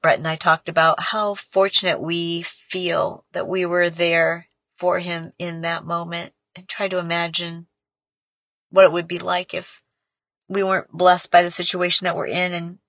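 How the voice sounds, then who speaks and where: A woman's voice: on the low side, a bit bright, no echo. A woman hosting a podcast and telling a personal story in a casual, heartfelt, rambling way, with lots of "like". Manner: heartfelt, rambling, heavy use of "like". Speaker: podcast host.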